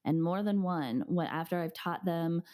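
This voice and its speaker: Warm-toned young woman telling stories. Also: lowish voice, normal speed. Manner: animated storytelling, acting out quotes. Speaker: podcast host. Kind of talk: casual chat.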